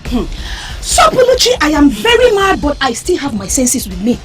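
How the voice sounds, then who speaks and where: A fiery young village maiden with a Nigerian accent, high and swinging wildly in pitch as she taunts her rival. She talks in a loud, mocking, confrontational way, with faint music under her. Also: huge pitch swings, normal speed. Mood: scornful. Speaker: actor. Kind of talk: film drama acting.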